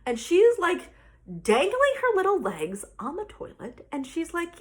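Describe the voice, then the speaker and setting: Casting: exasperated thirties mom vlogger, very high voice, swooping delivery. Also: female voice, measured pace. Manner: animated, exasperated retelling with quoted dialogue. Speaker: parent telling a story to camera. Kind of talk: casual storytelling vlog.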